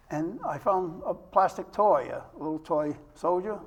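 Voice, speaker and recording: A man's voice: sits high, a little slow, slightly rough, muffled recording. An older man hosting a talk show interview, chatty and telling long personal stories. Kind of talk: casual interview chat.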